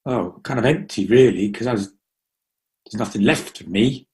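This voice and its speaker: A man's voice: lowish voice, normal speed, darkish tone. A man hosting a talk show in casual, playful chat. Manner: playful, jokey.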